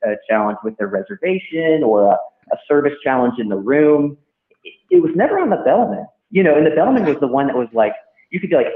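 A man's voice: fairly high pitch, very animated, fast talker. A man, a hotel general manager, talking casually in an interview, rambling with many restarts. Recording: tinny phone-line sound in an echoey room.

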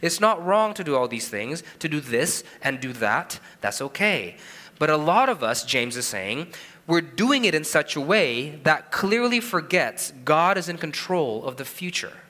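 A man's voice: on the high side, very animated, a little slow, bright, forceful tone. A man in his thirties preaching a sermon, earnest, asking rhetorical questions and repeating his key phrases. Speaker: pastor. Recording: preached in a hall with long reverb.

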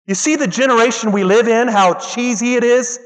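A man preaching a lively sermon, acting out the people he quotes and breaking into loud bursts. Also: extremely high pitch, brisk. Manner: animated, acts out quoted voices, loud bursts. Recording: long hall reverb.

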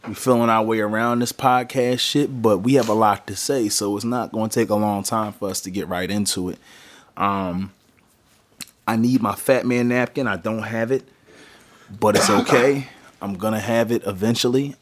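A man's voice: fairly low pitch, fairly even intonation, normal speed. A man hosting a podcast in a small studio, talking in a loose, rambling, joking way. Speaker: podcast host. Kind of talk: casual chat.

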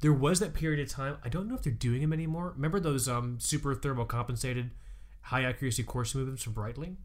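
A man co-hosting a casual podcast chat, playful and teasing with quick asides. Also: mid-range voice. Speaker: podcast co-host.

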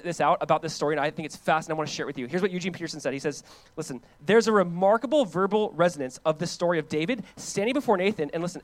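A man, a pastor preaching a conversational, animated sermon that swings between loud emphasis and quiet, hushed lines. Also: sits high, no room sound.

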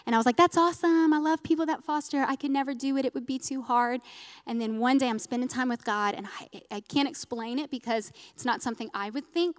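A woman's voice: a little high, long reverb tail. Earnest woman giving an emotional testimony. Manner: earnest, emotional storytelling with restarts. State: close to tears. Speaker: speaker at a church gathering. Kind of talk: personal testimony sermon.

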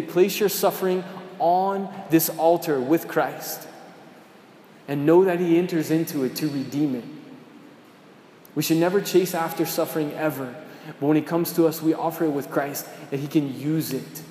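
A man's voice: a little high, warm tone, a little hiss or hum. A man preaching a sermon as a priest in a church, earnest and conversational, often asking his listeners questions. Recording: echoey church with long reverb.

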